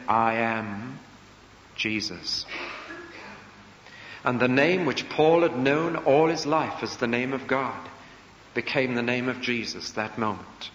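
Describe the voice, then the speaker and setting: A man's voice: a little high, a bit bright, a little hiss or hum. A man preaching a sermon to a congregation, emphatic and full of rhetorical questions, recorded live in a church. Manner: emphatic, rhetorical questions, acts out quoted voices. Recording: echoey church hall, dull lo-fi.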